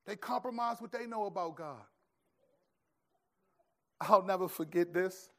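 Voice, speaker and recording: A pastor preaching a sermon in an animated, conversational storytelling way. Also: male voice, high voice, a little slow.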